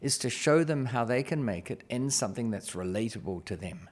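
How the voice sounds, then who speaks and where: A man's voice: mid-range voice, a little fast. A middle-aged man casually telling an anecdote as a guest, acting out the dialogue in it. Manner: lively, acts out quoted dialogue. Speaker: investor guest telling a story.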